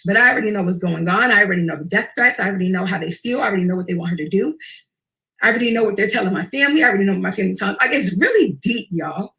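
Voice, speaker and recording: A woman, telling a personal story in a profane, intense and animated way. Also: medium pitch, very fast, gravelly. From Queens, New York. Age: early 20s.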